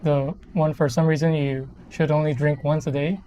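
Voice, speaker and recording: A Filipino person in their thirties chats casually on a live stream while building a model kit, rambling and correcting themselves as they go. Their voice is mid-range and dark, with a level tone and normal speed. Slight background noise is audible.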